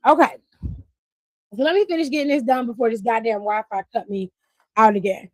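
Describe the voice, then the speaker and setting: Woman stream host: high-pitched, animated, profane, dry close mic. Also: moderate pace, long pauses, no room sound. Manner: animated, profane, laughing, reads chat aloud. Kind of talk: casual live-stream wrestling recap.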